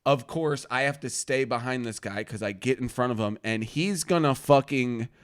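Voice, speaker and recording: A man hosting a casual chat, telling a wild story full of swearing and loudly acted-out quotes. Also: medium pitch, moderate pace, smooth. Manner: profane, animated storyteller, acts out quotes loudly. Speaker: host.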